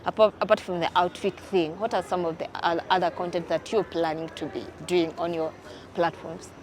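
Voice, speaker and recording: A woman asking interview questions, steady, with many soft affirming hums. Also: fairly low pitch, fairly quick, slight background noise.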